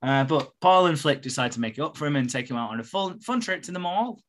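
A man's voice: fairly high pitch, animated, fast, a bit bright, slight background noise. A man hosting a casual chat, retelling soap plots in a rambling, sweary way with frequent laughs. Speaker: podcast host.

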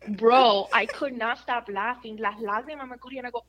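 A woman chatting casually on a podcast, telling lively family stories and slipping in Spanish phrases. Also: fairly high pitch, normal speed. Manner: animated storyteller, mixes Spanish phrases. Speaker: radio host guest. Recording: dull lo-fi audio.

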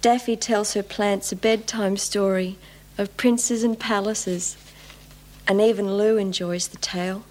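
An actress plays an earnest young prisoner reading a poem aloud. She takes it at a slow, unhurried pace, each line measured and solemn. The sound is a clip from a television drama. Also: medium pitch, fairly even intonation, darkish tone, lightly acted, rough recording.

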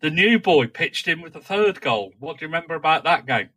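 A man conducting a conversational interview in a measured way, recounting details from match reports. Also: fairly high pitch, lively intonation, sharp tone, husky.

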